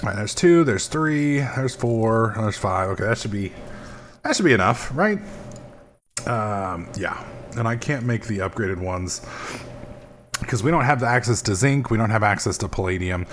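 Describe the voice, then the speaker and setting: Rambling, foul-mouthed gaming host. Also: male voice, on the low side, animated, normal speed, slight background noise. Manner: rambling, profane, self-mocking. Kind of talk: casual gameplay commentary.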